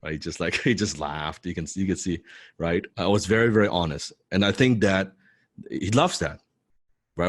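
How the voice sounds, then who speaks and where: A man telling a personal story to an audience, excitable and swearing freely, full of restarts and "right?" tags. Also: low-pitched, no room sound, clean studio sound. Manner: restarts and repeats words often. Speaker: motivational speaker telling his story. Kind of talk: animated storytelling talk.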